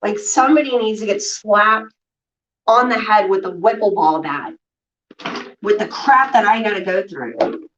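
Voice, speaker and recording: Irritated, a female vlogger swears as she vents to viewers during a casual livestream, speaking a little slowly in a medium-pitched, fairly bright voice. The audio sounds distant, dull and lo-fi.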